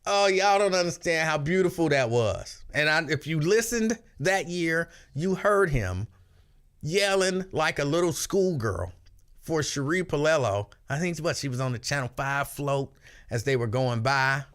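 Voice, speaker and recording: Radio host man, chatty storyteller, voice a bit on the high side. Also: unhurried. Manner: animated storyteller, breaks into shrill yelling impressions. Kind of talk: casual chat.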